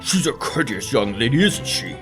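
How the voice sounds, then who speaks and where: A man's voice: medium pitch, sing-song, normal speed, music in the background, lightly acted. A man voicing a creepy, overly courteous aristocratic male bird baron. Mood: polite. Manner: courteous, oily, faux-French address. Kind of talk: let's play character voicing.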